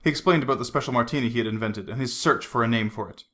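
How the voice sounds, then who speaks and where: A man reading a novel aloud as a hobby audiobook narrator, in a lively, animated way. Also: medium pitch, racing. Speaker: audiobook reader.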